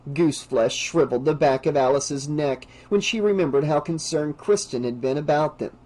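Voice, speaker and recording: A man narrating an audiobook in a measured, steady reading voice. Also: fairly high pitch, poor audio.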